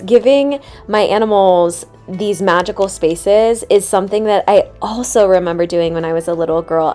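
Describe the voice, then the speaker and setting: A woman's voice: on the low side, a little mellow. A young woman hosting a vlog, giving a tender, emotional voiceover with a gushing, heartfelt manner. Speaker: vlog host. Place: voiceover recorded separately from footage.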